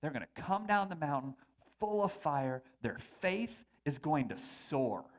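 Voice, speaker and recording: A male pastor delivers a sermon in a church sanctuary, talking to the congregation in a loose, conversational way. His voice sits a little higher than most men's. He moves between earnest points and playful, joking asides. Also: sing-song, a little slow.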